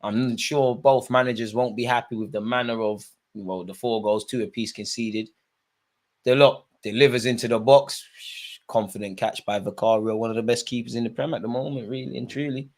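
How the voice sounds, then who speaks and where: A man hosting a live football watch-along, chatting to viewers and shouting at players and the referee. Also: mid-range voice. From Eritrean heritage. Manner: excitable, shouts at players and ref; chatty, joking asides. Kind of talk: live match commentary to viewers.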